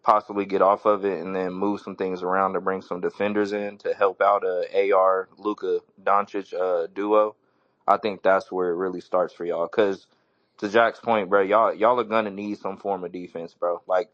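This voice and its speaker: A man's voice: low voice, level tone, normal speed, fairly bright tone, dry recording, lo-fi sound. A man on a sports podcast giving his earnest take in a casual way, calling everyone bro.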